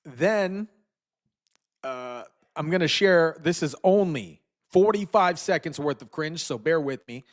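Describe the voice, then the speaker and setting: Man streamer, casual rambling commentary, fairly high voice, chuckles often. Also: expressive, a little slow. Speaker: streamer host.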